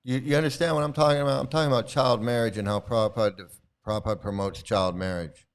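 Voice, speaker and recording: On his livestream, a man fires back at his chat, combative and repetitive. He is a fast, smooth talker with a steady, mid-range voice.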